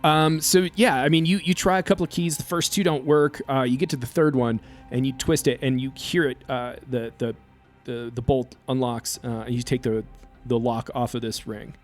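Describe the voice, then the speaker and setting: A man narrating as game master of a tabletop game, halting with many fillers. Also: mid-range voice, fairly even intonation, soft background music.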